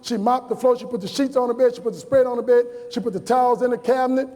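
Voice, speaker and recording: A man's voice: extremely high pitch, steady tone, fast talker, mellow. A man in his forties from New Orleans, giving a motivational speech to students and telling stories with emphatic repetition. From New Orleans, USA. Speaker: motivational speaker. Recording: long reverb of a large hall.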